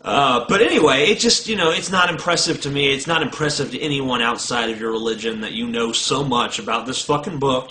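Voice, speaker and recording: A man's voice: a little high, bright, forceful tone, rough recording. A man recording a blunt, profane video response, talking straight to the camera. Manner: blunt, combative, swearing freely. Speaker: video blogger.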